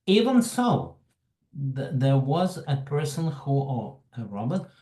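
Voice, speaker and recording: Russian accent guy hosting a webinar, talks slow, mellow voice, echoey room. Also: medium pitch, very animated. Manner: slow, halting, greets attendees by name. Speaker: webinar host. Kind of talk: casual online presentation.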